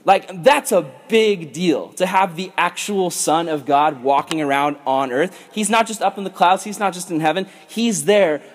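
Excitable youth pastor with a high voice. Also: male voice, moderate pace, hardly any pauses, a little hiss or hum. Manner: animated and chatty, with lots of "like" and acted-out voices. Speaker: youth pastor leading a Bible study. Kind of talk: casual Bible study teaching.

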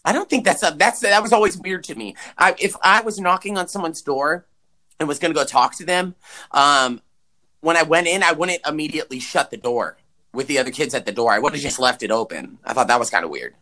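A man co-hosting a podcast, chatting casually and swearing as he recaps a movie with big pitch swings for emphasis. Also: fairly quick, bright, forceful tone. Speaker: podcast co-host.

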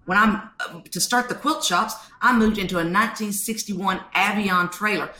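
A woman, a podcast guest telling stories in an animated way and acting out quotes. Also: medium pitch, moderate pace, roomy sound. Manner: animated storytelling, acts out quotes. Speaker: guest author. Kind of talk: podcast interview.

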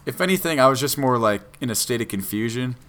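A young man telling a party story in casual chat, animated, laughing often and acting out what people said. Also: medium pitch, fast. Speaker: podcast guest telling a story.

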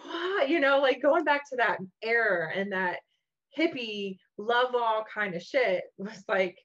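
A mother co-hosting a casual spiritual talk, telling lively stories full of fillers and casual swearing. Her voice sits a little high for a woman. The recording has a dull, lo-fi sound. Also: unhurried.

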